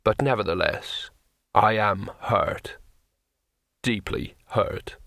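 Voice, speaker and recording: A man voicing a huge, gentle, melancholy male troll in an audiobook, speaking slowly and heavily. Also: lowish voice, gravelly, no room sound, studio quality, heavily acted. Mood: mournful. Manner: slow, weighty, sorrowful. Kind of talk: audiobook character voice.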